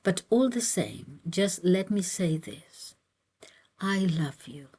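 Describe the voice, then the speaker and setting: A woman reading aloud, voicing an ardent young man who keeps pleading with a married woman in a hushed, whispered voice. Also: fairly low pitch, lively intonation, takes it slowly, breathy edge, heavily acted. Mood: pleading ardently.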